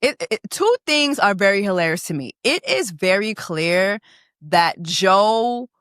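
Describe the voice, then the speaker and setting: A woman casually recapping a reality show, animated, profane and laughing as she goes. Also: mid-range voice, measured pace, clean tone, dry recording, clean studio sound. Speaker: reaction vlogger.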